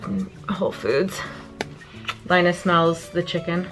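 A woman's voice: on the low side, moderate pace, music in the background. A young woman chatting casually to her camera at home for a lifestyle vlog, filler-heavy and self-deprecating. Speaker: lifestyle vlogger. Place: home, kitchen and indoors.

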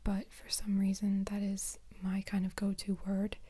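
A woman's voice: mid-range voice, completely flat delivery, moderate pace, warm tone, husky. Whispering woman, ASMR chat. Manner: rambling, self-deprecating, lots of ums. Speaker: ASMR creator.

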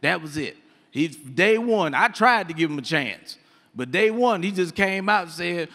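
A man doing a stand-up comedy set on stage, telling stories with animated delivery and acting out the voices of people in them. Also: high voice, normal speed, long reverb tail. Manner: animated storytelling, acts out voices. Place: comedy stage before a live audience.

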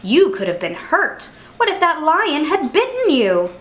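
A stern but caring circus ringmaster scolds a wayward boy, as a woman reads him aloud. The voice is lively and fairly high. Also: a little slow, reverberant, full character voice. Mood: concerned. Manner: scolding, concerned.

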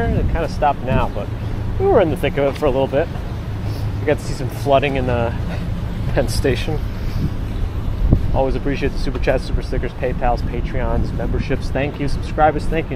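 A man's voice: mid-range voice, normal speed, long pauses. A man with a New York accent hosting a walking livestream, chatting casually in a rambling way and thanking viewers as he walks outdoors. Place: outdoors on rainy city streets. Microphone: handheld camera rig. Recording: outdoor street noise. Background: street traffic.

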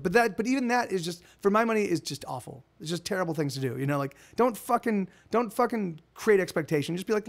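A man's voice: sits high, lively intonation, fast talker, gravelly, few pauses. A man hosting a casual live stream, telling rambling, profane stories with lots of restarts.

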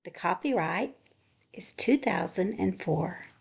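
A woman librarian reading a children's picture book aloud in a gentle, expressive storytelling manner. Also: fairly low pitch, takes it slowly, vocal fry, breathy edge.

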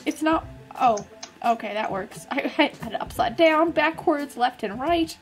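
High-voiced giggly woman gamer. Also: expressive, normal speed, faint music behind. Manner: giggly, self-mocking, playful. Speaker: gaming YouTuber and server moderator. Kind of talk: casual gameplay chatter.

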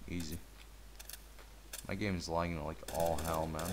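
A man's voice: deep voice, little pitch movement, normal speed, long pauses, slight background noise. A man giving casual gameplay commentary, laid-back and mumbly, trash-talking and swearing at the game.

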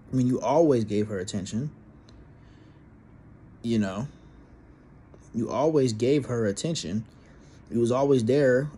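A man's voice: medium pitch, warm tone. A young man with a mid-range voice talks through a personal story in a loose, rambling way, swearing often and restarting his sentences. A faint hiss of noise sits behind him. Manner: profane, rambling, with frequent restarts and fillers. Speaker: vlogger telling a personal story. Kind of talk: casual storytelling monologue.

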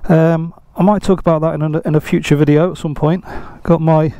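A man's voice: a little high, little pitch movement, fairly quick, warm tone, no room sound. An older man, chatting casually outdoors beside his motorbike in a rambling, self-deprecating way. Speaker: motorcycle vlogger. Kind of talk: casual vlog chat.

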